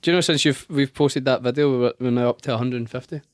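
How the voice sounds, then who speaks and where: A man's voice: mid-range voice, quick pace, no echo, studio quality. A young man co-hosting a podcast, earnestly explaining his plans and giving advice in casual banter. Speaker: podcast co-host.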